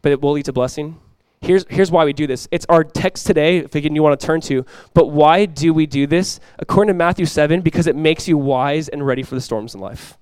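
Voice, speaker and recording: A young adult man preaching a sermon as pastor, energetic and conversational, often restarting his phrases. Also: a little high, brisk, few pauses, clean tone, no echo.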